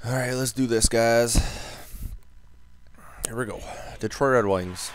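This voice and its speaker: A young man giving casual, excitable commentary while playing a hockey video game, switching between low muttering and loud yelling. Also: unhurried, a little hiss or hum. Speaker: gaming commentator.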